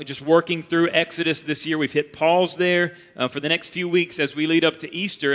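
A man's voice: a little high, pushed and bright. Earnest preaching man in a reverberant hall. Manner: earnest, measured preaching with emphatic repetition. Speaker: pastor. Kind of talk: sermon. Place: church sanctuary. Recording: long reverb of a church hall.

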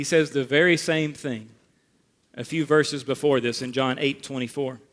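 A man preaching a sermon as pastor, emphatic, rising for stress and dropping low and quiet to make a point. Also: steady tone, normal speed. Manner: emphatic, rises and drops for effect.

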